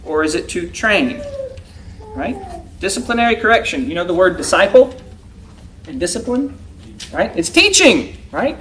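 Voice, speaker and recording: A man's voice: high-pitched, big pitch swings, moderate pace, long pauses, fairly bright tone, slight background noise. A man teaching a church Bible class, reading verses aloud and putting questions to his listeners. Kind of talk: interactive Bible lesson.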